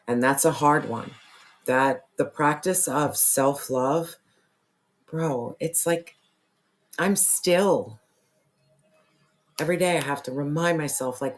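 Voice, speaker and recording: A tarot reader losing their voice, who keeps clearing their throat and talks earnestly and repetitively straight to the viewer. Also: medium pitch, a little slow, pauses often. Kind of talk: casual spiritual tarot reading to camera.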